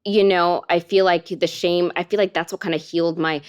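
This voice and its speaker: Smooth-voiced young woman, soft and halting. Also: on the low side, fairly even intonation, dull audio. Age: young adult. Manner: soft, halting, many fillers. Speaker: guest. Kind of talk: candid interview talk.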